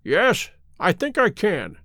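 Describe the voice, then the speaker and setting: A man voicing a sharp, self-assured male detective, measured and quietly commanding, with a high, lively voice. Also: gravelly, dry recording, studio quality, full character voice. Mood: cool.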